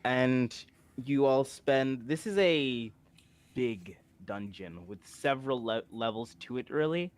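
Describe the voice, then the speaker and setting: A man running a tabletop game as game master, narrating and answering players in a slow, measured way. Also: mid-range voice, expressive.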